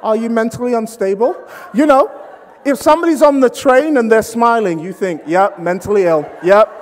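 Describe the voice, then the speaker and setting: A man's voice: very high voice, moderate pace. A British man preaching, telling funny stories and acting out the people in them as he jokes with the congregation. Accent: British English. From Britain. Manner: animated, acts out quoted voices, jokes with the crowd. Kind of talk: humorous sermon storytelling. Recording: long hall reverb.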